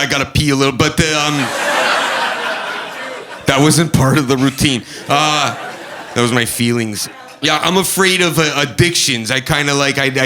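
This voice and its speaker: A man's voice: medium pitch, noisy background. Nervous, rambling stand-up comic man. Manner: halting, nervous delivery with many fillers. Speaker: stand-up comedian. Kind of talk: stand-up comedy. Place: comedy club stage with a live audience.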